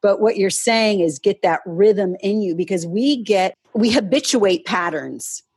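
Husky, lowish woman host, dry close sound, engaged interviewer. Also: lively intonation, measured pace, darkish tone, dry recording. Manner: engaged, builds on the guest's points. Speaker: podcast host. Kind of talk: podcast interview talk.

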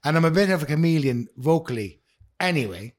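A middle-aged man, co-hosting a podcast as a swearing, animated storyteller. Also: fairly high pitch, a little fast. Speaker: podcast co-host. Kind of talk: casual chat.

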